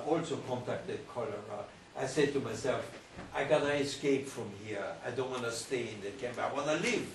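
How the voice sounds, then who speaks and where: A man's voice: mid-range voice, a little hiss or hum. Older German-accented man telling his story in an echoey hall. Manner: animated storyteller, repeats phrases, frequent restarts. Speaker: Holocaust survivor speaker. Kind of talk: storytelling talk to pupils. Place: school hall. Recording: echoey hall, recorded from far off.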